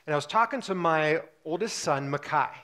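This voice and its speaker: A man in his forties delivers a relaxed sermon from the pulpit. His voice sits fairly high for a man. He talks in a chatty, joking way and drops in plenty of "um"s as he goes. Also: normal speed. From Singapore. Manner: chatty and humorous, with frequent fillers. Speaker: pastor. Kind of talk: casual sermon.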